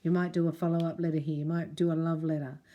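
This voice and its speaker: A woman's voice: low voice, little pitch movement, fast talker, mellow, dull audio. A middle-aged woman giving a chatty spiritual reading to camera, talking straight to the viewer and reading prayers aloud. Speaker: spiritual reader and Reiki teacher.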